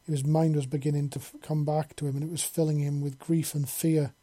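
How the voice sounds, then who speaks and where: A storybook narrator reads in a flat, level delivery with little pitch movement. The voice is husky and dark-toned, recorded close and dry. The reading is steady and blunt, coarse words included. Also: a little fast, no room sound.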